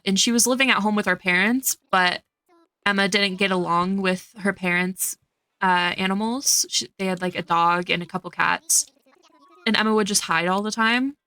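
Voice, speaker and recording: Bright, unhurried young woman streamer. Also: mid-range voice, no echo. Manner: gushing, reads chat aloud, coos over cute characters. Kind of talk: casual game-stream chat. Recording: dry close sound with faint game music.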